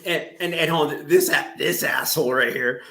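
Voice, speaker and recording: A man co-hosting a live stream, relaxed and chuckling as he reads chat comments aloud. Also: a little high, normal speed. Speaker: co-host reading the live chat.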